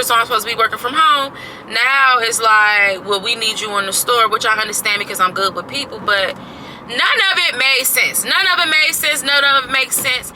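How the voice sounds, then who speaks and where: A woman's voice: medium pitch, sharp tone, a little hiss or hum, rough recording. A woman in her thirties casually venting to her camera, exasperated and emphatic, repeating herself and swearing freely. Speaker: vlogger.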